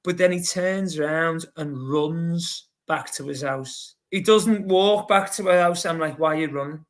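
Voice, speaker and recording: A man with a Scouse accent, a podcast guest telling a rambling, lively story full of fillers. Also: on the high side, measured pace. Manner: lively, rambling, heavy with fillers like "you know". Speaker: podcast guest, long-distance runner. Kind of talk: casual anecdotal storytelling.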